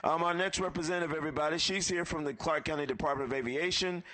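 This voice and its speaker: A man's voice: a little high, quick pace, bright, forceful tone. A man emceeing a live event, thanking sponsors and calling guests up one by one in an upbeat way.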